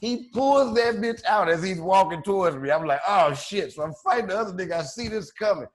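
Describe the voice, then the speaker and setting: Animated profane man telling a story. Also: high voice, brisk. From Chicago. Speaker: podcast co-host. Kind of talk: casual storytelling.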